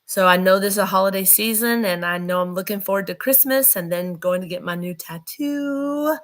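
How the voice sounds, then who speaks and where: A woman's voice: mid-range voice, moderate pace. A woman hosting a vlog, talking casually and chattily straight to her viewers. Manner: chatty, rambling, addresses viewers directly. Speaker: vlog host. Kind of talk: casual talk to camera.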